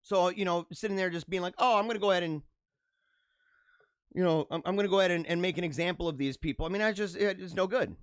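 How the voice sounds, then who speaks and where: A man's voice: high-pitched, fast, clean tone, no echo, clean studio sound. A man in his thirties hosting a podcast, giving casual political commentary in a sarcastic, mocking way and laughing at his own jokes. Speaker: podcast host.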